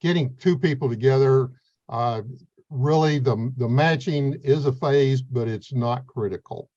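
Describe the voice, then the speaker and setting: A man's voice: mid-range voice, a little slow, warm tone. A man coordinating veteran mentors, earnestly explaining their role in an interview with plain talk and fillers. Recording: slightly dull, lo-fi sound.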